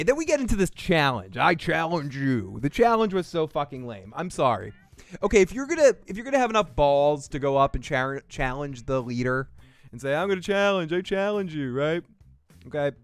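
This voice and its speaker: A fairly high-voiced man with a Boston accent riffs loosely as a show host, cursing and joking as he goes. His voice is smooth and clean, recorded close and dry. Faint music sits far behind him. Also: big pitch swings, fairly quick, no echo. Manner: profane, rambling, jokey riffing. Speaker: podcast host recapping a TV episode. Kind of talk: casual review chat.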